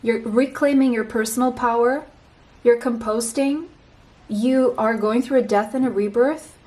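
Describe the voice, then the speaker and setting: A woman with a slightly high voice gives a pick-a-card tarot reading. She talks straight to the listener, slow and reassuring, and often circles back to repeat a phrase. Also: a little mellow, poor audio.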